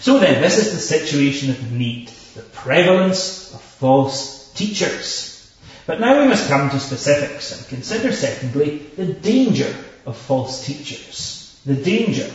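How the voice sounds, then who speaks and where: A man preaching a sermon with slow, emphatic delivery, stressing repeated words and reading scripture in old formal English. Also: on the high side, big pitch swings. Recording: echoey, distant, dull hall recording.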